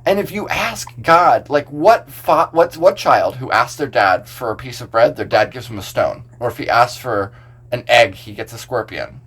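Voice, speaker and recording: Relaxed man, pastor on a podcast. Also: medium pitch, moderate pace, breathy edge. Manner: relaxed, explains scripture verse by verse with filler "like". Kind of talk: casual podcast discussion.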